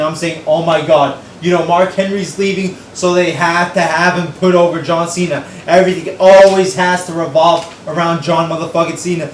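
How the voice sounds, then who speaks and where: A man's voice: on the high side, reverberant, distant mic, slight background noise, rough recording. A young man giving a profane, exasperated, sarcastic recap of a wrestling show.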